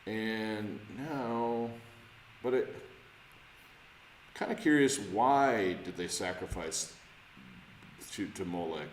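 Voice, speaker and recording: A man's voice: lowish voice, takes it slowly, long pauses, a little hiss or hum. A man leading an informal Bible study, talking conversationally with many restarts and questions to the group. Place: church room. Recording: echoey church room, faint ambience.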